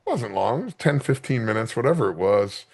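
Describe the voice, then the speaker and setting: A man hosting a podcast, telling animated stories with casual swearing and stammered restarts. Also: lowish voice, brisk, gravelly, breathy edge. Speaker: podcast host. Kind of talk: casual interview chat. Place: podcast studio.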